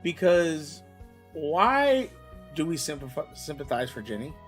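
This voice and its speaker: Man, thirties, podcast host, casual chat, animated and loud when ranting, fairly high voice, faint music behind. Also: measured pace.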